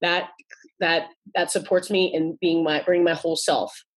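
A woman's voice: fairly low pitch, little pitch movement, moderate pace, slightly rough. A woman in her forties, a guest author, talking earnestly in a casual interview and often restarting and repeating her words. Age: 40s.

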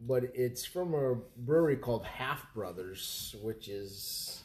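A man's voice: medium pitch, lively intonation, takes it slowly, darkish tone, slight background noise. A man as a podcast guest in casual chat, laid-back and joking about beer.

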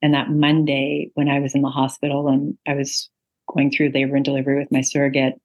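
A woman's voice: extremely low pitch, monotone, a little fast, darkish tone, poor audio. A middle-aged woman, an author and interview guest, telling a personal story earnestly with many ums and uhs. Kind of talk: interview conversation.

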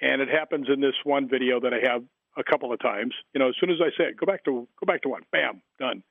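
A paranormal book author speaks quickly in a mid-range, slightly rough voice with vocal fry, telling rambling interview anecdotes riddled with fillers and restarts. The sound comes through a tinny phone line, dry and echo-free.

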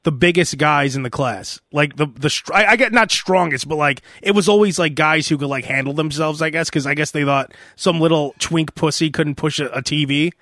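A man in his thirties hosting a podcast, telling rambling, animated stories and laughing as he goes. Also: on the high side, brisk, few pauses, no echo, studio quality. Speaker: podcast host. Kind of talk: casual podcast chat.

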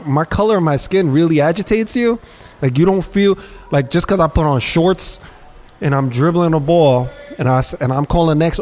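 Male podcast host with a slightly raised pitch; candid, rambling storyteller with frequent restarts. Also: darkish tone. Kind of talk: casual chat.

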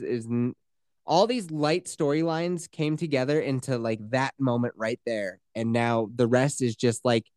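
This is a podcast co-host in loose, swearing, animated chat, recapping scenes and breaking into quick voices for the characters. The voice sits at an ordinary middle pitch, recorded dry and close with no room sound. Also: no echo. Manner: profane, animated retelling with quoted voices.

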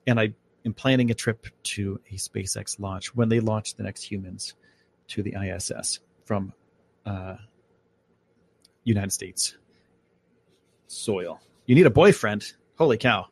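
Speaking slowly with vocal fry and long pauses, this man's fairly low voice keeps an even intonation over a bit of hiss or hum. He's an upstate New York podcast host chatting casually on a live stream about space and his plans, using a microphone at home.

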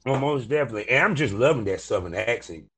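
A man hosting a podcast, reading sponsor plugs and chatting casually with a guest, energetic and fond of saying "you know what I'm saying". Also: medium pitch, fast talker, slight background noise. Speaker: podcast host.

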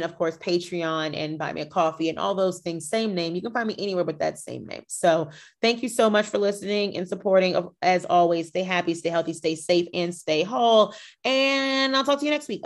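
A podcast host with a fairly low, gravelly voice gossips and chats casually with plenty of energy. She's animated and often shifts into mock voices.

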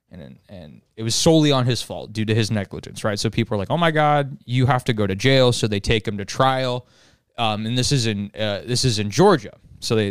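Guy rambling thru a long joke on a podcast, smooth clear voice, dry close mic, cracks himself up. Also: fairly low pitch, no room sound. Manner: rambling storyteller, laughs at his own joke, swears casually. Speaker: podcast co-host. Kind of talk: casual chat, telling a long joke.

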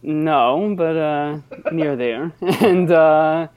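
Speaking extremely slowly in a fairly high, slightly mellow voice, this Long Island, New York native has a thick accent to match. He's a chatty, analytical guest judge on a laid-back podcast who keeps mocking himself as he talks.

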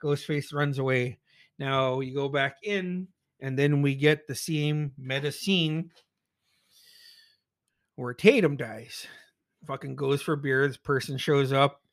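A man recapping a horror movie in casual chat, excitable and profane, acting out his own reactions. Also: mid-range voice, slow pace, dry recording, studio quality. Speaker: movie reviewer.

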